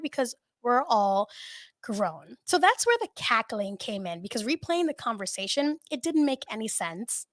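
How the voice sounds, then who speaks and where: A woman's voice: a little high, animated, moderate pace, fairly bright tone, no echo. A woman hosting a podcast, telling a story in casual chat with lots of swearing and laughter. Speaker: podcast host.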